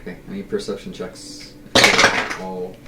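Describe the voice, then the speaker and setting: A man's voice: low-pitched, monotone, moderate pace, roomy sound, recorded from a distance, very noisy. A man narrating as game master of a tabletop game, in a casual, hesitant way.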